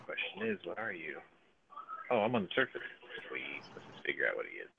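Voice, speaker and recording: A man's voice: very deep voice, huge pitch swings, fairly quick, gravelly, lo-fi sound, background noise. A man giving casual, profane live commentary on his own gameplay, thinking aloud as he plays. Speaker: gaming streamer.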